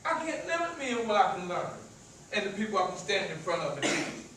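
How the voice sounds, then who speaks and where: Fairly quick, pushed and bright, with big pitch swings, a high male voice delivers a motivational talk to a live crowd. The man has a rural American country accent and stammers, repeating words. Recorded far from the mic in a very echoey event room, it carries a little hiss or hum.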